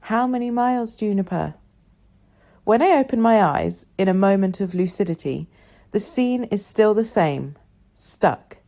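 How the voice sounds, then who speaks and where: A woman narrates a novel in the first person with a soft, reflective delivery. Her voice sits low and sounds mellow and warm. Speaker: audiobook reader.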